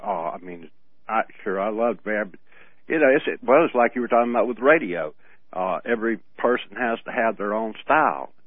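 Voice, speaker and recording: A man co-hosting a radio show in casual chat, telling rambling stories with halting restarts and frequent laughs. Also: medium pitch, lively intonation, gravelly, dry recording. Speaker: radio co-host. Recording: tinny phone-like radio audio.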